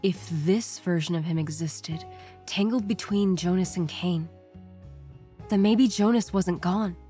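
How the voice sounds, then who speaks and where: A woman with a somewhat low voice reads horror stories aloud in a tense, scripted storytelling style. Faint music plays softly behind her. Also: a little slow.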